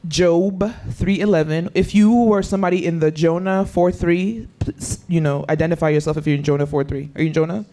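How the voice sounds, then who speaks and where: A man with a high voice leads a youth Bible lesson in a meeting room. He keeps questioning his listeners and puts drama into every scripture line he quotes. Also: brisk, few pauses, dark tone. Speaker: youth Bible study leader.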